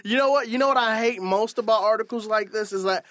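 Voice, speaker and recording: A man's voice: high-pitched, fast talker, fairly bright tone, no room sound, clean studio sound. A man co-hosting a casual podcast, wisecracking and ranting. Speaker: co-host. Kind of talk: casual chat.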